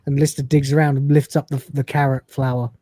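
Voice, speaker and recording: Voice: medium pitch, fairly quick, slightly rough, no echo. A podcast host from the UK casually recapping a TV episode, quoting lines and laughing along. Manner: animated storyteller, quotes dialogue with a laugh.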